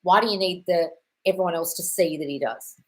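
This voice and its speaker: A woman with a slightly low-pitched voice hosts a live question-and-answer stream. She answers viewer comments in an effusive, frank way and calls everyone darling. Now and then she breaks into a sweary, squealing burst of praise. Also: fairly quick, rough recording. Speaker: manifestation coach host.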